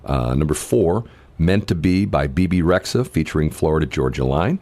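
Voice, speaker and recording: A man with a very low voice co-hosts a morning radio show from the studio. He chats casually and rambles, full of "uh" and "you know", often restarting his sentences mid-thought. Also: expressive, normal speed, darkish tone. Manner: rambling, many fillers and restarts. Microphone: studio microphone.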